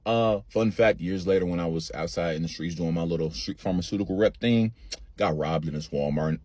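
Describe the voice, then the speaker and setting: A young man telling a comic story, slangy and animated, acting out what others said. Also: deep voice, a little fast, no echo. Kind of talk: storytelling stand-up.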